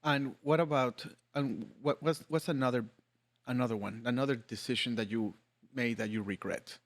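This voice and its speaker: A man's voice: mid-range voice, fairly even intonation, normal speed. A man hosting a podcast, chatting casually and joking with his guest, laughing often. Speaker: podcast host. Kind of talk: casual interview chat.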